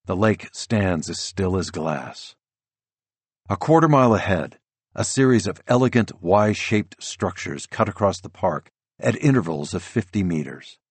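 A man narrating a first-person novel as an audiobook, measured and descriptive. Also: sits low, lively intonation, husky, no echo.

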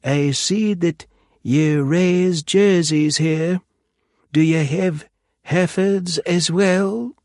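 A man's voice: on the high side, drawn-out words, a little mellow, dry recording, studio quality, pitched above the performer's own voice. A man voicing a joking man who puts on a prissy, professorial English accent in a storybook. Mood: mocking.

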